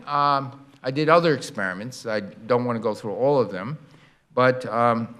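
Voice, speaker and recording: An older man in his sixties giving a public science lecture as a guest lecturer, animated and acting out sound effects to explain ideas. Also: mid-range voice. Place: lecture hall.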